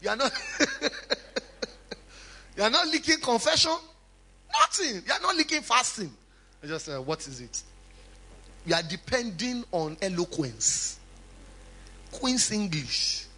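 Male pastor, sermon. High, husky-edged voice that swings widely in pitch; emphatic, conversational preaching. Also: unhurried, pauses often. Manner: preaching with lively emphatic swings, chatty asides.

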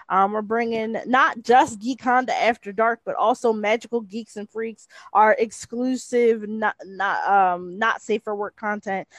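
A woman's voice: on the high side, dry recording. A woman co-hosting a podcast, chatty and upbeat while plugging merch and links. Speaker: podcast co-host.

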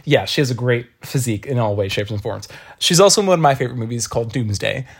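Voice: mid-range voice, expressive, fast talker, husky. A podcast co-host in casual chat, gushing and gossipy as they retell a show.

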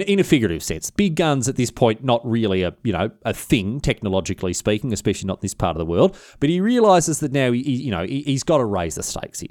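Lively, irreverent storyteller man. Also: medium pitch, no echo, studio quality. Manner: irreverent, slangy, swearing casually. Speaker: podcast host, history storyteller. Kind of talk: comic history storytelling.

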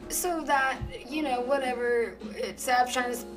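A young woman joining a casual podcast, teasing the hosts with quick remarks. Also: high-pitched, fairly even intonation, over music, poor audio.

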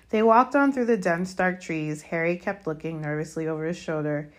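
A woman reading a children's fantasy chapter aloud as narrator, steady and measured. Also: fairly low pitch. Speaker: audiobook reader. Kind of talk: storybook narration.

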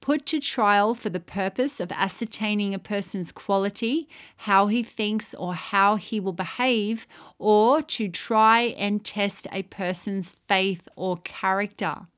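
A woman's voice: medium pitch, takes it slowly, a bit bright. A woman teaching on scripture in a Q&A episode, reading verses aloud and stressing repeated words with emphasis. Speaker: Bible teacher.

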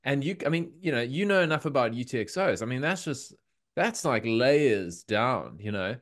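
An Australian man in a casual podcast chat, talking in an animated, emphatic way. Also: mid-range voice, normal speed.

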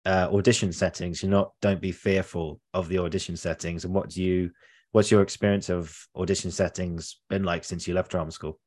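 A man with a deep, low voice hosts a relaxed conversation. He asks questions and backs his guest up with short affirmations. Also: brisk. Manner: encouraging, brief affirmations. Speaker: host, interviewer. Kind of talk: casual chat.

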